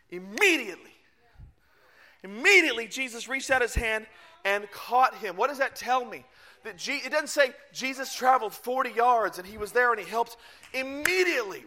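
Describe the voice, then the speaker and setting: A male pastor delivers a sermon with a high, bright, cutting voice. He tells the story in an animated way and bursts into shouts at the big moments.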